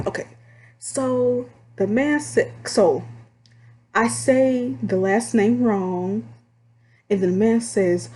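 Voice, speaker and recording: Mellow-voiced Texan woman telling work stories. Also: mid-range voice, takes it slowly, slight background noise. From Texas. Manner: animated, candid, drawling, swears freely. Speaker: call center fundraiser telling work stories. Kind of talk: casual storytime vlog.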